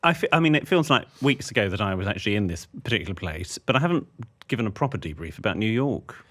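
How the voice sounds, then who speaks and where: A man co-hosting a podcast in easy, casual chat. His pitch swings a lot as he tells stories, and he slips into other people's voices along the way. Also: fast talker. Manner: animated storyteller, doing voices in anecdotes. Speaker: podcast co-host.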